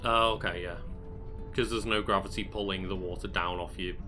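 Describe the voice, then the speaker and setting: Man, co-host, laid-back and bright-toned, slightly low, faint music behind. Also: fairly even intonation, fairly quick. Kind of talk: casual gaming chat.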